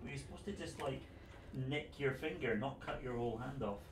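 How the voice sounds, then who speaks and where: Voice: mid-range voice, a little fast. A co-player cracking dry jokes over voice chat during a game. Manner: dry, joking remarks. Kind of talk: casual chat while gaming.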